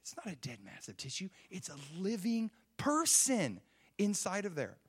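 A man's voice: sits high, huge pitch swings, moderate pace, breathy edge. A man preaching a sermon, emphatic and full of rhetorical questions. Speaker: pastor.

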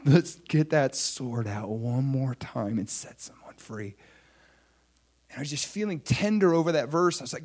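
A man with a mid-range voice preaches a sermon at normal speed, animatedly telling his own testimony. He drops into hushed asides and then rises to excited shouts.

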